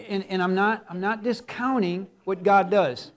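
High-voiced man preaching a sermon. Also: fairly even intonation, moderate pace, hardly any pauses. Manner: preachy, rising to loud and emphatic. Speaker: pastor. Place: church sanctuary.

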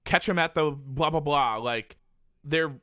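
A man's voice: a little high, unhurried, dry recording, clean studio sound. A man telling a long story in casual chat, swearing often and filling with "like". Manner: animated, profane, heavy use of "like".

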